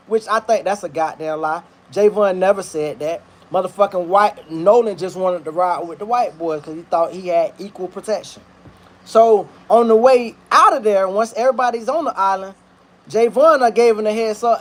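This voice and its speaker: A man with a high-pitched voice talks his way through a story in loose, rambling commentary. His delivery is slangy and profane, and he cooks in his kitchen as he goes. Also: normal speed. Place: kitchen, cooking while talking.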